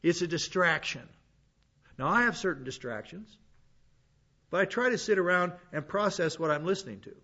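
A man's voice: sits high, lively intonation, normal speed, long pauses, pushed and bright, lo-fi sound. A man preaching as a pastor teacher, blunt and conversational, often restarting his sentences. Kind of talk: sermon.

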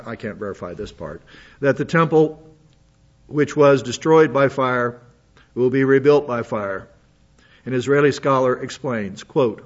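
A man's voice: medium pitch, a bit bright. Man reading news with asides, lo-fi. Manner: reads aloud with asides and restarts. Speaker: commentator reading news articles. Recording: dull lo-fi audio.

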